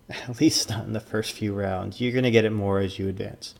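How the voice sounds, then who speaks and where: A man's voice: lowish voice, fairly even intonation, normal speed, gravelly. A man and former card tournament judge giving casual commentary, rambling with lots of fillers and restarts.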